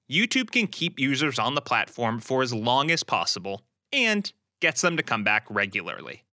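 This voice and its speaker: A man hosting a scripted explainer show, with a lively delivery and playful asides. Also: mid-range voice, no echo, clean studio sound. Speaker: host.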